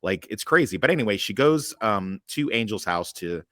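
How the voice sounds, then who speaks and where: A man in his thirties hosting a casual podcast chat, rambling, cursing and animated as he recaps an episode. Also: on the low side, moderate pace, no room sound, studio quality. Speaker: podcast host.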